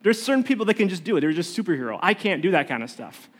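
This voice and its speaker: A man's voice: high-pitched, big pitch swings, racing. A pastor praying and then preaching a sermon to his church, telling a story in a loose, conversational way with many restarts. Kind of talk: sermon with prayer. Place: church sanctuary.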